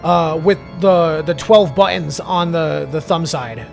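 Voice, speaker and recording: A man's voice: a little high, a little slow, gravelly, soft background music. A man giving casual gameplay commentary, ranting and swearing freely. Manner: ranting, profane, animated. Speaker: gaming YouTuber.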